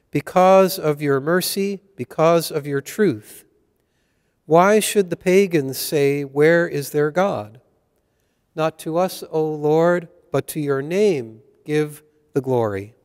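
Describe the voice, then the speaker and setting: A man with a fairly high, smooth voice leads Mass and reads scripture in a church. He speaks slowly and deliberately, each phrase measured. A long reverb trails behind his words. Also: a little mellow. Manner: slow, measured liturgical delivery. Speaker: priest. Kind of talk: leading Mass and reading scripture.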